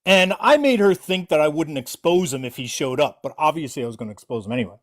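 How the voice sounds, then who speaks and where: A livestreamer giving callout commentary in an animated, mocking way. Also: mid-range voice, quick pace.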